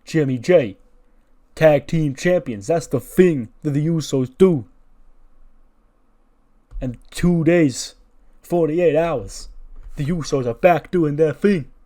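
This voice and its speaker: A man's voice: on the high side, slow pace, pauses often, pitched above the performer's own voice. A man voicing a boastful male wrestling tag team cutting a hype promo before a title match. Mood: hyped. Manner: boastful, building excitement.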